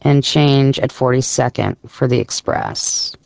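A man's voice: mid-range voice, a little slow, gravelly, a little mellow, dry recording. A man voicing a blunt male city bus driver who gives curt, matter-of-fact directions.

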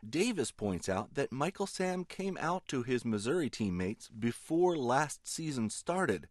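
A man's voice: mid-range voice, very animated, measured pace, dry recording. Male news reporter, dry close sound.

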